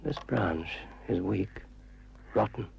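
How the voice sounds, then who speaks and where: An older man voicing a menacing male spirit of dark water, speaking in a slow, sinister, deliberate way. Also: lowish voice, animated, creaky, lo-fi sound, heavily acted. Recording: noisy old public information film audio.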